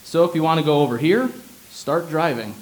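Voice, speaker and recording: A man's voice: a little high, a little fast, poor audio. A young man from Illinois reading his own humorous personal essay aloud in a wry, sardonic tone. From Illinois, USA.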